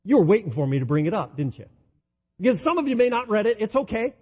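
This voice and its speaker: A male pastor preaching an enthusiastic sermon, swinging between loud exclamations and hushed tones. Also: high-pitched, big pitch swings, fast talker, husky. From United States. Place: church sanctuary. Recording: dull, lo-fi sound in a reverberant hall.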